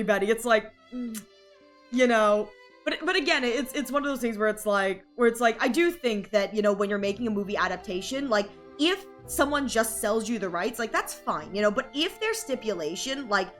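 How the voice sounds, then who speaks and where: A woman's voice: on the high side, lively intonation, normal speed, a bit bright. A woman streamer chatting casually with her viewers, rambling with lots of fillers and frequent giggles. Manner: rambling, heavy "like" and "you know" fillers, giggly. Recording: faint music in the background.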